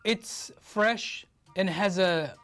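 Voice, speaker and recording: A woman's voice: mid-range voice, very slow, a bit bright, faint music behind. A woman chef making enthusiastic tasting remarks.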